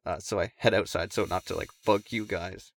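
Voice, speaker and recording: A man's voice: low voice, fairly even intonation, fairly quick, creaky, dry recording. A man casually telling a long story to friends, swearing and laughing as he goes.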